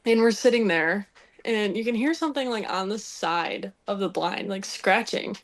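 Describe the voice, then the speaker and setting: A young woman spins a story from her childhood on a podcast, laughing often and acting out each voice she quotes. Her pitch sits in the middle of the female range and her delivery is casual and lively. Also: moderate pace. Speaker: podcast guest telling a hunting story.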